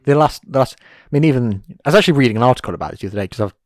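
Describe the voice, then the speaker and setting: A man's voice: mid-range voice, rapid-fire, no echo, clean studio sound. A man chatting casually and animatedly, often acting out quotes. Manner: animated, acts out quotes in put-on voices. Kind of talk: casual chat.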